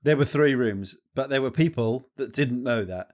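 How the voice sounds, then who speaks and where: A man's voice: medium pitch, moderate pace, darkish tone. A man from England co-hosting a podcast, in casual, banter-filled chat with casual swearing. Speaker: podcast co-host.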